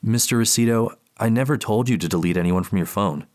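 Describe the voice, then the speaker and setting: A man voicing a therapist who speaks in a deliberate, measured way. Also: fairly low pitch, a little mellow, voice pushed up, close to an everyday voice. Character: calm measured therapist, gender unstated.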